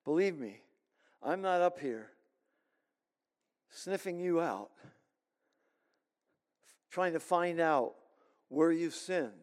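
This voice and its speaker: A man preaching a sermon as pastor, earnest and emphatic with deliberate pauses. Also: fairly high pitch, expressive, a little mellow. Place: church sanctuary. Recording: long hall reverb.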